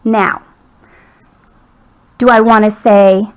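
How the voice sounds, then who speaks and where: A woman's voice: mid-range voice, little pitch movement, drawn-out words, clear, resonant tone, low-quality recording. A woman teacher patiently walking young children through a writing lesson.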